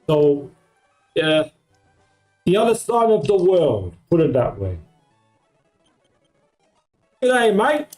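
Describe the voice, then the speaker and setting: A man's voice: on the high side, very animated, takes it slowly, pauses often, a little mellow, faint music behind, poor audio. A man from Australia with an American-sounding accent, chatting casually on a live stream in a rambling way, full of fillers. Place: home at night.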